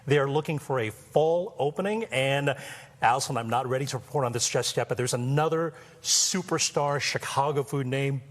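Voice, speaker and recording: A man's voice: medium pitch, moderate pace. A man reporting live in a television news studio, chatting playfully with the anchor. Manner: chatty, playful on-air banter. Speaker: food reporter. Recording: reverberant studio sound.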